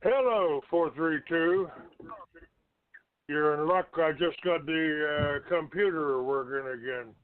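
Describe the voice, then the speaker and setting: A man hosting a call-in radio talk show, yelling and cursing at a caller. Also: fairly high pitch, takes it slowly, clear, resonant tone, no room sound, phone-quality sound. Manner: shouting, profane and abusive toward the caller.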